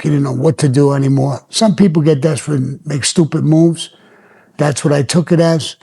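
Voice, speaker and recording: A man's voice: on the high side, mellow. An older man telling his own stories on his podcast, blunt and plainspoken with plenty of profanity. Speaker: podcast host. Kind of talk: storytelling podcast.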